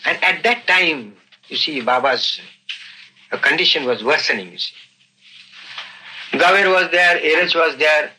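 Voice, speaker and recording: An older man recounting events in an unscripted interview, earnest and halting, often saying "you see". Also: on the high side, animated, sharp tone, slight background noise, low-quality recording. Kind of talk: unscripted storytelling.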